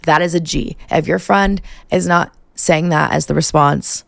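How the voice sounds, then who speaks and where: A young woman in her twenties with a heavily gravelly, fry-laden voice tells a night-out story into a close, dry mic. She fills almost every phrase with "like" and swears casually, with a loose, chatty podcast delivery. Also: low-pitched, measured pace, no room sound. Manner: profane, valley-girl filler "like". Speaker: podcast host.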